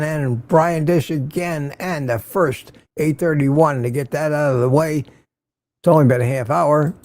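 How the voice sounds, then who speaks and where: An older man hosts a relaxed morning stream and greets his viewers one by one, with a wry aside here and there. His voice is gravelly and mellow, sitting a little high for a man, and it sounds close and dry with no room around it. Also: no echo. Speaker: livestream host. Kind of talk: casual morning livestream chat.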